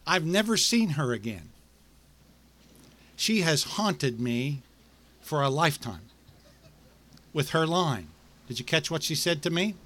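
A middle-aged male pastor delivering a sermon, with rhythmic repetition and dramatic pauses. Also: medium pitch, fairly bright tone.

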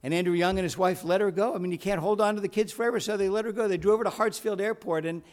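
A man's voice: sits high, rapid-fire, a little mellow. A male preacher giving a sermon, telling a story and building to fervent, emphatic appeals. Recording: long hall reverb.

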